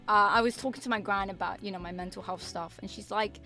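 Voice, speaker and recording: A young woman, a streamer chatting casually and telling an embarrassing story in an animated way. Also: mid-range voice, fast talker, faint music behind. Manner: animated storytelling with swearing and acted-out quotes. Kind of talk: casual chat.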